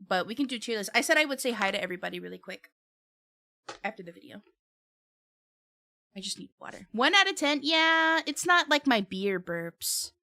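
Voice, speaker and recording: A woman's voice: a little high, expressive, normal speed, pauses often, sharp tone. A woman streamer chatting casually with her viewers on a live stream, laughing often and talking while eating.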